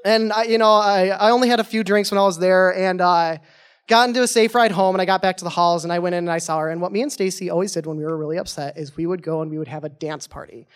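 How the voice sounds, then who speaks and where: Young man, storyteller, quick talker, light high voice, animated, goofy, chatty. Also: clear, resonant tone. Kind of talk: live personal storytelling.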